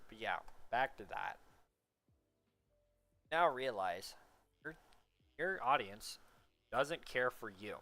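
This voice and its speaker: Rambling man with a bright tone. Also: medium pitch. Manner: rambling, rhetorical "right?" asides, swears. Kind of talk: casual monologue.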